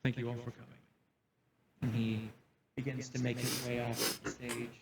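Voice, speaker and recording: A man's voice: medium pitch, darkish tone, slight background noise. Man running a tabletop game. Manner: casual narration with fillers. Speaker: game master. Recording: distant roomy mic with faint ambience.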